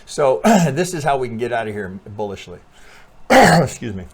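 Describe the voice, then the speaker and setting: A man's voice: medium pitch, sing-song, moderate pace, slightly rough. A man hosting his own trading channel, walking viewers through charts in a rambling, casual monologue full of curses, restarts and "right?", now and then coughing from allergies. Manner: rambling, profane, self-correcting, talks to viewers with frequent "right?".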